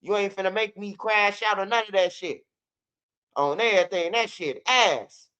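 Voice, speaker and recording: A man's voice: high voice, moderate pace, bright, forceful tone, clear, resonant tone, lo-fi sound. A man ranting loosely and bluntly in casual street news commentary, repeating himself and mocking rap lines. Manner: loose, blunt, profane rant with repeats and mock rapping. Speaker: commentary channel host.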